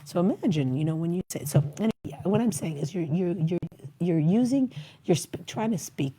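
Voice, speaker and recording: Husky woman giving chatty marriage advice. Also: fairly low pitch, expressive, moderate pace, warm tone. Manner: rambling, acts out little quoted dialogues. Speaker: talk show host giving marriage advice. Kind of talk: casual advice chat.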